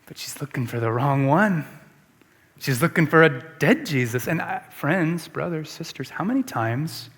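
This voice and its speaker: A man's voice: on the high side, expressive, moderate pace, a bit bright, slightly rough. A man preaching a sermon as a pastor, emphatic and repeating rhetorical questions to the congregation. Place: church sanctuary. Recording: long church reverb.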